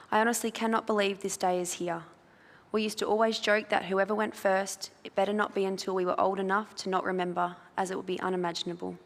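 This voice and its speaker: An Australian woman, a funeral celebrant, reading a eulogy aloud in a soft, measured way in a crematorium chapel. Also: mid-range voice. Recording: reverberant chapel.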